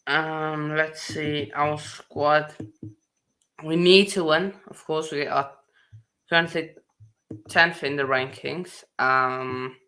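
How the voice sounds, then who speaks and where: A man hosting a casual sports chat, halting and full of fillers and restarts. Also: on the high side, sharp tone. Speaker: host.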